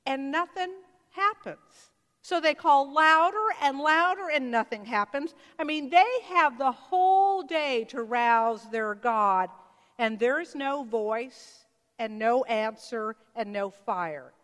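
A woman with a high voice delivers a sermon, telling the story with animated energy and slipping into character voices. Her words carry the long reverb of a large sanctuary. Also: slow pace. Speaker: preacher.

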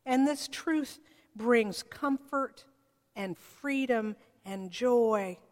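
A woman preaches slowly and thoughtfully, her voice pitched a little high. She often slips into the voices of the people she quotes. The sound carries a long echo, as in a church sanctuary. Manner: reflective, acts out quoted voices. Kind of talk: sermon. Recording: long reverb of a large hall.

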